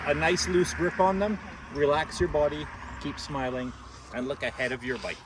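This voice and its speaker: High-voiced, friendly male tour guide. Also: fairly even intonation, moderate pace, background noise. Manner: friendly, instructive, with a chuckle. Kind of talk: guiding a group tour.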